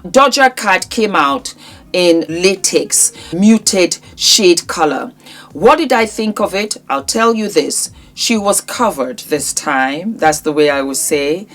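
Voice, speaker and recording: Low-voiced woman gushing over fashion. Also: expressive, slow pace, a bit bright. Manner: effusive, repeats her praise over and over; talks straight to the celebrities as darling. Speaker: fashion vlogger. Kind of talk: casual red-carpet fashion review.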